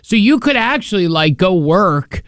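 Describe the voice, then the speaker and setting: A man's voice: high voice, sing-song, unhurried, a bit bright, no room sound, studio quality. A man co-hosting a radio show, joking and talking to listeners driving to work in casual banter.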